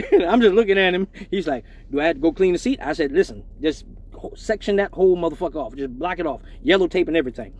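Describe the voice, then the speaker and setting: A man, hosting a live show and telling a profane, animated story, acting out other people's lines as he goes. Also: on the high side, quick pace. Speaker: host of a live stream show. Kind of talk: comedic storytelling.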